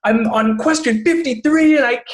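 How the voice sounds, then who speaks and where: A man imitating an upset young girl near tears, with a high, strained, stammering delivery. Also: moderate pace. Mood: frustrated.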